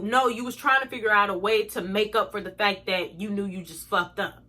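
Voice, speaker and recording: A young woman vlogger rants through a storytime for her viewers, blunt, profane and indignant. Her medium-pitched voice is pushed and bright, brisk with hardly any pauses and fairly even in intonation.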